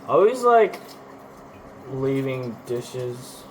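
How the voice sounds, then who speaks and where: Slow-talking Texan young man, rambling. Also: medium pitch, big pitch swings, slight background noise, low-quality recording. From Texas. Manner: scattered, self-interrupting, jokey. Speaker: vlogger. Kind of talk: rambling casual vlog chat.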